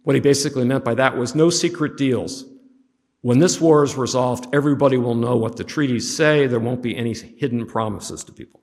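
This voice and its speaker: Man, history teacher, classroom lecture, casual with wry asides, middle pitch, echoing hall. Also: fairly quick, darkish tone. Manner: conversational with humorous asides.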